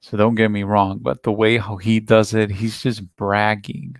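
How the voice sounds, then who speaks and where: A man's voice: on the low side, flat delivery, a little slow, gravelly, a little hiss or hum. A man hosting a reaction video, talking through a played clip in a rambling, repetitive, defensive way. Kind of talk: casual commentary on a played clip.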